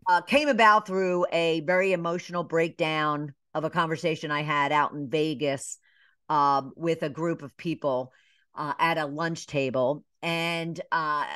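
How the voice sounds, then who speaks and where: A middle-aged woman from Atlanta, a business coach, telling her story in a casual interview, with lively asides, many fillers and short bits acting out other voices. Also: low-pitched, a little slow, clear, resonant tone, no echo, studio quality. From Atlanta, Georgia. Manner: animated storyteller, acts out quoted voices, many "you know" fillers. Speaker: business coach and podcast guest.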